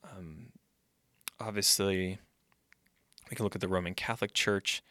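A man's voice: deep voice, steady tone, a little slow, a bit bright, dry recording. A man who is a pastor and podcast host, speaking in a conversational podcast monologue and thinking aloud.

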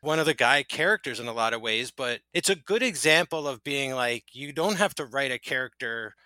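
A man's voice: mid-range voice, lively intonation, fairly quick, bright, forceful tone, no echo. A man co-hosting a podcast, chatting casually and rambling with lots of filler words. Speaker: podcast co-host. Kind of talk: casual chat.

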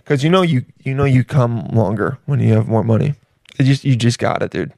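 A man's voice: medium pitch, a little fast, gravelly, mellow, dry recording. A man in the middle of a vulgar comedic riff, tumbling through restarts and profanity in an ordinary mid-range voice. The recording is dry and close, with no room sound. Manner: crude, rambling, with many restarts and swearing.

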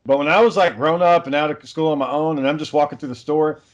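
A man's voice: fairly high pitch, fairly even intonation, fast talker. A man who is a father, chatting casually and telling stories in a blunt, profane way. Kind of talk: casual chat.

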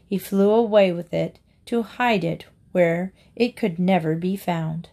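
Woman, storybook narrator, slow and deliberate reading. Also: lowish voice, vocal fry, mellow. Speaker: reader.

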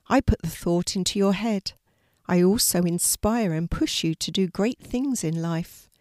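Gentle guardian angel lady, storyteller doing her, soft and patient, giving advice. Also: on the low side, a little slow, no room sound, studio quality, natural voice. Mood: advising.

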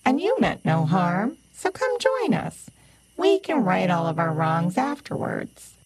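A woman doing a loud, coaxing jolly pumpkin trickster. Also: medium pitch, wildly swooping pitch, measured pace, breathy edge, heavily acted. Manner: coaxing, sing-song. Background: music.

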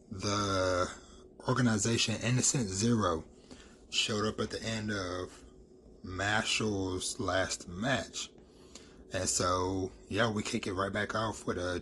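A man's voice: lowish voice, a bit bright, slight background noise. A man giving a casual, rambling recap of a manga chapter, full of fillers and the word "freaking". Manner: loose and rambling, filler-heavy, says "freaking" a lot.

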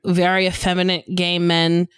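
A woman guest on a podcast in casual chat, animated and self-deprecating, laughing easily. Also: lowish voice, normal speed, clear, resonant tone, no room sound, clean studio sound.

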